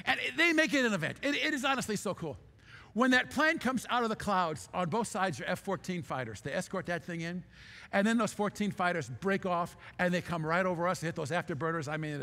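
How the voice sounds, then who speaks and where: An older man telling an emotional story in a sermon, halting and repeating himself as he speaks. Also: high-pitched, creaky, pushed and bright. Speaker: pastor. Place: church sanctuary. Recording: hall reverb in a church.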